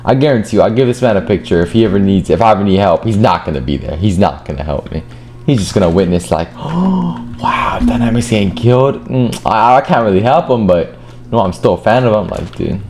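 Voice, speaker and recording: A young man giving gameplay commentary, swearing and shouting in frustrated outbursts, with game music and keyboard typing behind him. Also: sits low, quick pace. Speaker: gaming streamer.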